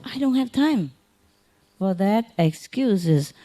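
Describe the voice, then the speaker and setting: Taking it slowly, a spiritual teacher with a lively, mid-range voice speaks gently to an audience in an informal talk. She uses simple, non-native phrasing, chuckling and repeating phrases often to put listeners at ease.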